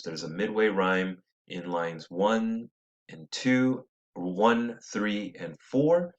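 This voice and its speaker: A man with a lowish voice gives an unhurried poetry lesson. He reads the verse slowly, beat by beat, and pauses to correct himself as he goes along. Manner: unhurried, thinking aloud with fillers and self-corrections. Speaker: teacher.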